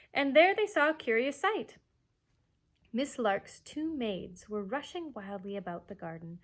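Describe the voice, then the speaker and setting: A children's librarian reading a chapter book aloud at story time, expressive, with hushed asides. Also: female voice, fairly high pitch.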